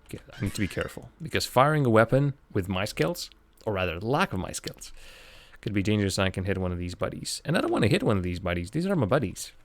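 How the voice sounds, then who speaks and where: A man's voice: on the low side, big pitch swings, fast talker. A man streaming a game live, talking to himself with wry, chatty asides as he plays. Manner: muttering thoughts aloud to himself. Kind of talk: live gameplay commentary. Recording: game music playing underneath. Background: background music.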